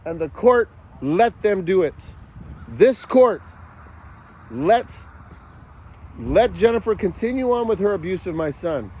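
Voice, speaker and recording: Furious man yelling, high voice. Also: lively intonation, a little slow, long pauses, husky. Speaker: father vlogging about a custody battle. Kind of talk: angry outdoor rant to camera.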